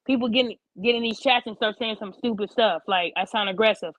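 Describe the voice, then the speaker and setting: A woman's voice: on the high side, a little fast, fairly bright tone, dry recording. A woman hosting a live online show, ranting bluntly and passionately to her chat with plenty of profanity. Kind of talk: livestream rant to chat. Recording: dull lo-fi sound.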